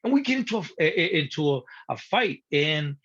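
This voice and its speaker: Husky guy telling a story, swears a lot, gets really animated, kinda muffled recording. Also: a little high, brisk. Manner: animated, swearing, acting out his younger self. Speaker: guest. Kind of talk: personal storytelling. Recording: dull lo-fi sound.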